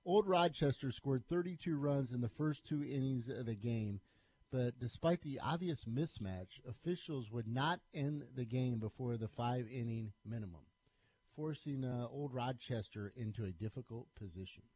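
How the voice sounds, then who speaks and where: A man over forty hosting a morning sports talk radio show, briskly reading scores and rundowns. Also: mid-range voice, a little mellow, husky.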